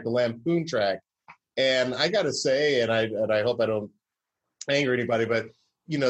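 Southern-raised comedy writer, middle-pitched, wry, rambling guest storyteller. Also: male voice. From Southern US, Georgia. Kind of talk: casual interview chat.

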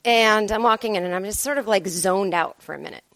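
A mid-range woman's voice, a bit bright and a little fast, comes through a dry recording. As a comedian hosting her podcast alone, she tells a rambling, sarcastic story at her own expense, using a podcast microphone.

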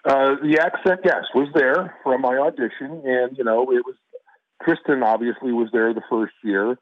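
A man's voice: medium pitch, fairly even intonation, normal speed, no room sound. A man from Chicago, an actor being interviewed, telling stories casually and rambling with fillers and restarts over a call. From Chicago, USA. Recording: tinny phone-like line.

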